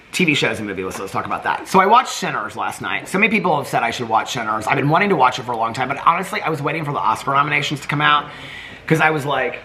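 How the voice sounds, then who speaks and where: A man's voice: medium pitch, bright, forceful tone, slight background noise. A man chatting casually in a home vlog, rambling from one thought to the next. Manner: chatty, rambling, talks to his pets in baby talk. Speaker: vlogger. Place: indoors at home.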